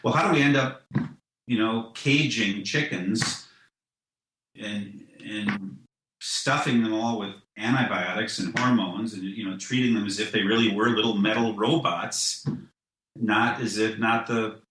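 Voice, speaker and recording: A man's voice: on the low side, fairly even intonation, a little slow, a bit bright, reverberant, slight background noise, rough recording. A man talking in a casual podcast conversation, rambling with many restarts and "you know"s, and laughing at his own ideas. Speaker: guest, comic writer.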